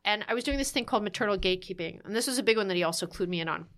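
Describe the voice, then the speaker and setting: A woman guest telling a candid story in conversation, animated, with restarts, fillers and laughing asides. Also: mid-range voice, rapid-fire. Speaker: podcast guest.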